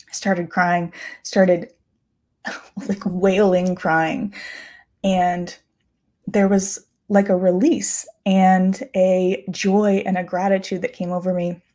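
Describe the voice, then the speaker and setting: A woman in her thirties hosting a podcast, talking in an earnest, confiding way and slowing down to stress her points. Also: on the low side, mellow. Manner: earnest, confiding, slows down for emphasis. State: close to tears at times. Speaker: podcast host. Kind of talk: reflective personal talk.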